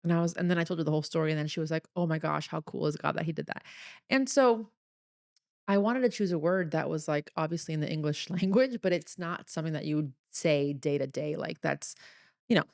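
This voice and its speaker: A woman's voice: deep voice, lively intonation, fast, gravelly, darkish tone, no room sound, studio quality. A young woman hosting a solo podcast, telling a personal story in an earnest, chatty, confessional way. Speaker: podcast host.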